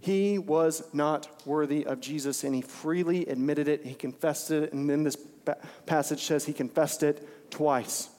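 A man's voice: a little high, steady tone, a little slow, hardly any pauses, darkish tone. A man preaching an informal, conversational sermon, repeating phrases for emphasis. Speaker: pastor. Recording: long hall reverb.

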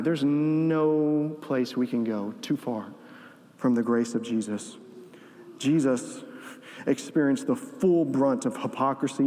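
A man preaching a sermon as pastor, animated, acting out the lines he quotes. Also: medium pitch. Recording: long reverb of a large hall.

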